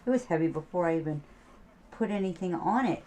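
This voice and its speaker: A woman's voice: fairly low pitch, animated, a little fast, mellow, a little hiss or hum, poor audio. A middle-aged woman talking casually about her quilting as she works, chatting and humming to herself. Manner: chatty, hums and sings to herself while working. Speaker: quilting vlogger. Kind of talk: casual crafting talk while sewing.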